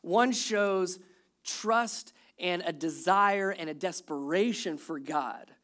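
A preacher in full sermon mode, moving between quiet, earnest reflection and animated retelling of scripture stories. The voice sits at an ordinary middle pitch and keeps a conversational, joking touch with the congregation. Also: slow pace. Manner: animated storytelling, acts out quoted complaints; jokes with the congregation. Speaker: pastor.

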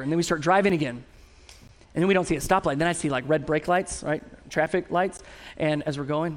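A middle-aged man preaching a sermon as a pastor, telling stories with animated, self-mocking humor. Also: on the high side, quick pace.

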